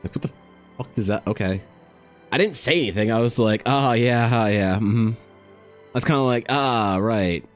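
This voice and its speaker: A young man casually telling a story to his stream chat, animated and prone to exasperated outbursts. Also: moderate pace, soft background music. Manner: animated, trails into high exasperated rants.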